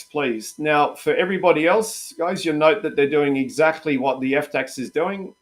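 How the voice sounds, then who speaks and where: A man's voice: a little high, normal speed, few pauses. A man hosting a live trading session, chatty and upbeat, repeatedly calling his viewers "guys". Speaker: trading coach and host.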